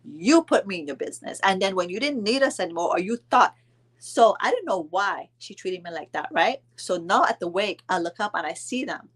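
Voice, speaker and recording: A woman's voice: medium pitch, expressive, fairly quick, breathy edge. A middle-aged woman telling a story to camera, retelling a family feud with indignant quoted dialogue and mild cursing. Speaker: storyteller vlogger. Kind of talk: casual storytime vlog.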